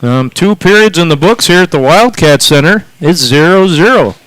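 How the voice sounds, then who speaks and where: A man doing relaxed, chatty play-by-play for a local high school hockey game. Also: normal speed, dry recording, low-quality recording. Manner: easygoing, chatty, lots of fillers. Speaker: play-by-play announcer.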